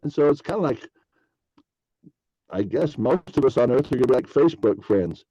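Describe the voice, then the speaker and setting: A man's voice: mid-range voice, expressive, moderate pace, long pauses, mellow, breathy edge, no room sound, muffled recording. A man hosting a podcast, rambling through a casual spiritual monologue and acting out imagined dialogues in a raised voice. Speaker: podcast host.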